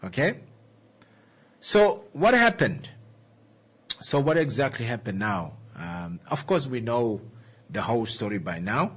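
Guy hosting a talk radio show, husky voice, pitch jumping all over, lots of ums and rhetorical questions. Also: measured pace, long pauses. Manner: animated, rhetorical questions, many fillers.

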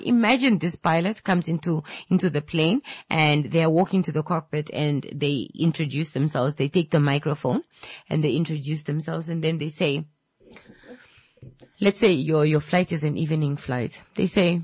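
Low-pitched female radio host, earnest and lecturing, dry close mic. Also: normal speed, a little mellow, breathy edge, dry recording. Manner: earnest, lecturing, rhetorical questions. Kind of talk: motivational radio talk.

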